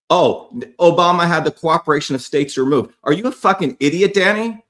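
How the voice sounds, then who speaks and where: Middle-aged guy yelling a sweary rant at his followers, pitch jumping all over. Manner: profane, shouting insults at commenters. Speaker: online commentator. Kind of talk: angry rant to viewers.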